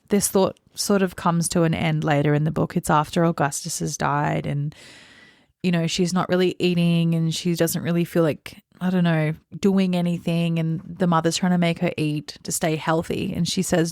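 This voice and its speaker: A woman's voice: fairly low pitch, fairly even intonation, moderate pace, a little mellow, no echo, clean studio sound. A woman co-hosting a book podcast, chatting loosely and reading passages with feeling. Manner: chatty, many "like" fillers, emotional when reading. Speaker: podcast co-host. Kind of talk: casual book discussion with read-aloud passages.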